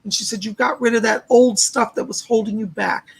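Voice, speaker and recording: A man's very gravelly, husky voice, pitched rather high, giving live psychic readings on a stream. He passes on spirit messages line by line, repeating "he said" and "she said" over and over, and thanks viewers by name for their donations. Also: steady tone, fairly quick, poor audio. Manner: relays spirit messages with constant "he said".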